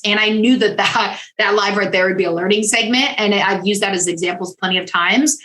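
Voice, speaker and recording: A woman guest talks casually about being on camera, upbeat and encouraging like a coach. Her voice is bright and forward, and the room around her rings with echo. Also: mid-range voice, brisk, hardly any pauses. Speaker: guest, on-camera confidence consultant. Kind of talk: casual interview chat.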